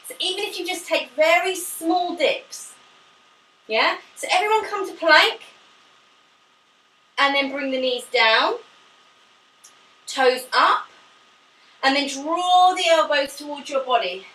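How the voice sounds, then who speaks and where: Woman pilates teacher, high bright voice, echoey room off-mic, faint hiss, upbeat and short of breath. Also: far from the mic. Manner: upbeat, demonstrating while talking, laughs often. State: slightly out of breath from exercising. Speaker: pilates instructor. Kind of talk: live online fitness class instruction.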